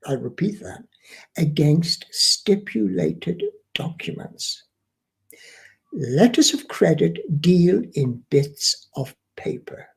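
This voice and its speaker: Middle-aged man, husky voice, unhurried, lively rising and falling pitch, explanatory lesson. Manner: deliberate, repeats key points for emphasis. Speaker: international trade trainer.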